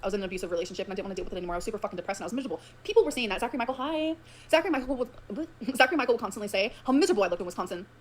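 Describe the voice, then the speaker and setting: A woman's voice: medium pitch, animated, rapid-fire, a little hiss or hum. A woman ranting to her viewers, profane and emotional, swinging between grievance and sarcasm. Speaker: streamer ranting on her own stream. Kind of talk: rapid unfiltered rant.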